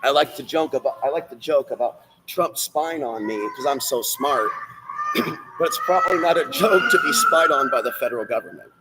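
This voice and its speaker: A man's voice: normal speed, very noisy. Ranty man rambling on a livestream. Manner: ranty, swings from loud bursts to low muttering; talks straight to viewers and the chat. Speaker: livestream host. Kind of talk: rambling solo livestream monologue.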